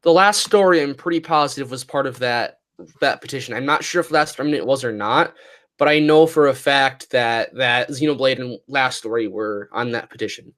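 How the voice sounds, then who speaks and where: A man's voice: mid-range voice, normal speed, fairly bright tone. A man co-hosting a casual gaming podcast, chatty, hedging his claims and checking facts. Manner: conversational, hedging, corrects facts. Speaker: podcast co-host. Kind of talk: casual chat.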